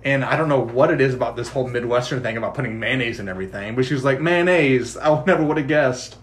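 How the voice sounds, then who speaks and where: Speaking fast in a mid-range voice, a male podcast co-host casually recaps a TV episode. He's a chatty storyteller who quotes characters in lively asides, with slight background noise.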